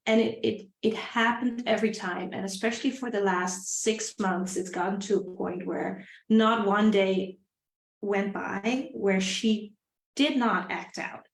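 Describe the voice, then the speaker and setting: On a live stream, a middle-aged woman shares a personal story in an earnest, reflective way, often repeating phrases and at times dropping to a soft, quiet voice. Her mid-range voice is unhurried with vocal fry, and the recording has a roomy echo.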